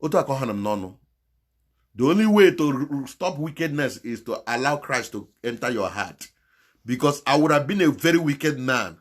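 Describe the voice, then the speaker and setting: A man's voice: lively intonation, a little fast. A man with a Nigerian Igbo accent delivering a moralizing monologue on his channel, mixing Igbo and English, impassioned and pleading by turns. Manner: impassioned and moralizing, swinging between loud exhortation and low pleading. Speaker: channel host.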